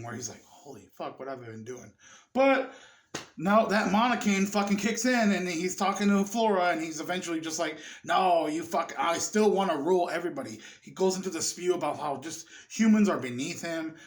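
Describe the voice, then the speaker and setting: A man with a somewhat high-pitched voice talks through a film in a loose, rambling way. He curses freely and gets carried away with excitement, sounding a little tipsy. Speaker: movie reviewer. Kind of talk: casual film review.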